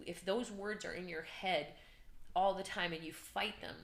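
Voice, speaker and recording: A woman guest telling her story in an interview, animated and earnest, acting out shouts and her own inner voice. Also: lowish voice, measured pace, echoey room. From Canada. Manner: emotional, earnest. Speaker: podcast guest, business coach.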